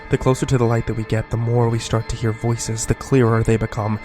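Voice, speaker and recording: A man narrating a first-person horror story in a scripted, hushed delivery. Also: medium pitch, level tone, brisk, few pauses, over music.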